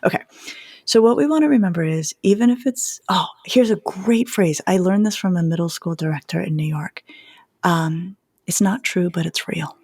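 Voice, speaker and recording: A middle-aged woman, a psychologist, explaining parenting advice in an animated chat full of metaphors, sometimes dropping to a near whisper. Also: lowish voice, moderate pace, no room sound. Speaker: psychologist co-host of a parenting podcast.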